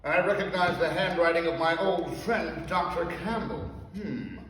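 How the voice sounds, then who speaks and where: Brief: a man as a grand, vain American dad with a rich, booming voice, recorded distant in a reverberant hall. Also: lively intonation, fairly bright tone, slight background noise. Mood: grandly boastful. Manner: theatrical, self-important, slow and grand. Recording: echoey hall, voice heard from afar.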